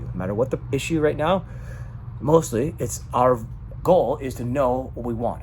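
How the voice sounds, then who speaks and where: A man's voice: medium pitch, animated, brisk, slight background noise. A man in an emotional personal monologue, talking dramatically and swearing often. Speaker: vlogger.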